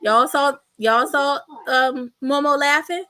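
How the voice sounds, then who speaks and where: A woman talking in a high, bright voice. She runs a reaction commentary and sounds blunt, mocking and sassy. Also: takes it slowly. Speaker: commentary channel host.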